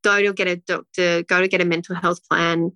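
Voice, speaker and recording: A woman's voice: fairly low pitch, flat delivery, brisk, sharp tone, clear, resonant tone, dry recording. A woman, a guest telling a personal story in a rambling, emotional way with many restarts. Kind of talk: casual interview talk.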